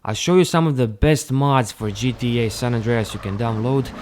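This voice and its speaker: A young man narrating a casual, unscripted gameplay tutorial, with a relaxed delivery and some stumbles. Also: mid-range voice, moderate pace, a little hiss or hum. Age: young adult. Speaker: gaming channel host.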